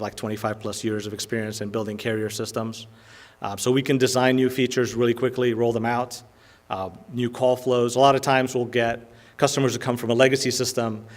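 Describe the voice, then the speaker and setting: A man giving a business presentation to a lunch audience, talking in a casual, filler-heavy way and often checking in with "right?". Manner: filler-heavy, conversational pitch with frequent "um" and "right?". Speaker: company presenter.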